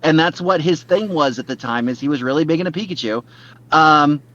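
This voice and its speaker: Podcast co-host, man, slightly high voice, rambling casual delivery, dull lo-fi sound. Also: fairly quick, fairly bright tone. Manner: rambling, lots of fillers and restarts. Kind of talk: casual chat.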